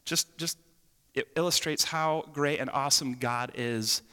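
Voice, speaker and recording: A man preaching a sermon, telling a personal story in an animated way, with sudden swings between loud and hushed. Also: medium pitch, unhurried, clean tone. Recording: long reverb of a church hall.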